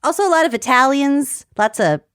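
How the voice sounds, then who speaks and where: A young woman with a fairly high voice co-hosts a casual podcast and breaks into giggles often. Her banter is quick and playful. She is recorded close and dry, with no room sound. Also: lively intonation, a bit bright, no room sound. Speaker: podcast co-host. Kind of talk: casual chat.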